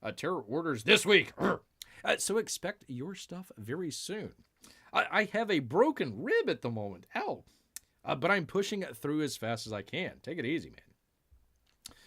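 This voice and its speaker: A man hosting a live-stream news chat, rambling and speaking of himself in the third person, with drawn-out sighs and mumbled asides. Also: on the high side, sing-song, a bit bright. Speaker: show host.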